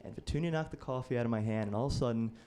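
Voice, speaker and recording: A man's voice: medium pitch, rapid-fire, warm tone. A man in his twenties doing a stand-up comedy set, telling rambling, self-deprecating stories. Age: 20s.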